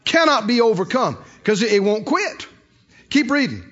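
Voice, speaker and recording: High, animated preaching man. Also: normal speed. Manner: emphatic, rising to hollering. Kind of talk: sermon. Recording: dull lo-fi recording.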